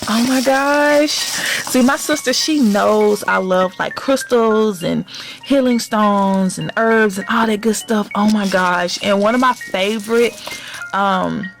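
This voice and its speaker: A woman chatting excitedly to viewers while unboxing a gift box, gushing and calling them y'all. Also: medium pitch, slow, gravelly, faint music behind. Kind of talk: casual unboxing chat.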